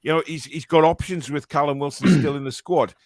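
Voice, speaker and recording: A man's voice: a little high, a little fast, no room sound. A man with a Geordie accent hosting a live fan show, chatting casually and rambling with plenty of fillers and restarts.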